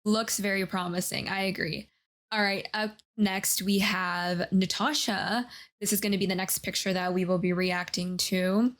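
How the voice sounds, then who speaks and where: A woman co-hosting a casual reality-TV reaction chat. She talks in a measured, thoughtful way and hedges a lot with "maybe" and "kind of". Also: mid-range voice, steady tone, a bit bright. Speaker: co-host.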